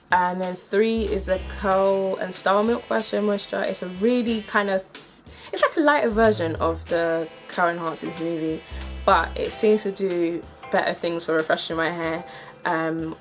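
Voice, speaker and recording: Brief: British woman, 20s, low-ish voice, breezy chatty vlogger delivery, faint music bed. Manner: chatty and upbeat, filler-heavy with "like" and "um". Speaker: hair vlogger. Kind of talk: casual to-camera chat.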